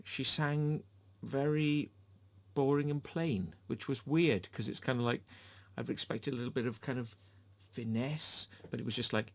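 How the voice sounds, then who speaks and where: Rambling, swearing man reviewing a film. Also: mid-range voice. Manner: rambling and profane, with many fillers. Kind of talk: casual rant review.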